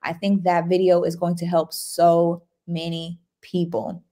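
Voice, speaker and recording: A woman hosts a casual livestream, chatty and upbeat, reading viewer comments aloud and greeting people by name. Her voice sits on the low side and is mellow and unhurried, with a completely flat delivery.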